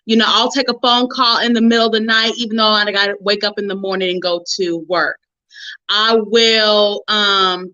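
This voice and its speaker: A middle-aged woman hosting a relationship forum, telling her own story to listeners in a lively, preachy way and calling them honey and sis. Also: medium pitch, highs cut off. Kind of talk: personal testimony to listeners.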